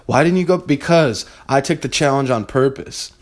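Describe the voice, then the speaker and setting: A young man talks straight at his listeners in a blunt, fired-up motivational rant. He swears freely and hammers his points home. His voice sits at an ordinary middle pitch for a man. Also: normal speed. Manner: blunt, profane and fired-up, addressing listeners directly. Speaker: podcast host. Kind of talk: motivational monologue.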